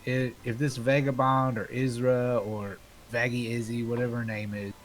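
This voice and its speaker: A man's voice: medium pitch, little pitch movement, a little hiss or hum, lightly acted. Man playing a hesitant, wavering companion. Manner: hesitant, halting. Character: loyal, wavering man tempted by money.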